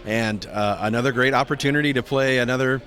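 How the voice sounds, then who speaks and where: A middle-aged man tells stories in a relaxed convention interview. He keeps a middle-pitched voice and jumps much higher whenever he acts out what someone said. His telling stays lively and chatty. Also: fast. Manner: animated storyteller, acts out quotes with big pitch jumps. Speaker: voice actor guest.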